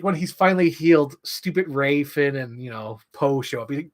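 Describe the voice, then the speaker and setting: A man in an excited, rambling monologue, swearing freely and filling his talk with "like". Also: medium pitch, moderate pace. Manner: enthusiastic, profane, filler-heavy. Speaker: channel host.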